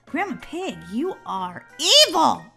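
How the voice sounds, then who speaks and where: A woman with a high, very bright voice narrates her game play. She gives excitable let's-play commentary, swooping all over her range, giggling often and letting out shrieks whenever something chases her. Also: slow pace, gravelly, faint music behind. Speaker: gaming channel host.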